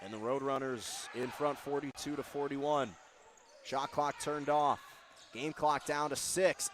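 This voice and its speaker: A man giving live basketball play-by-play, calling plays quickly and shouting on the big moments. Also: mid-range voice, steady tone, a little hiss or hum. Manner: rapid calls that rise to shouts on big plays. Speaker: play-by-play announcer.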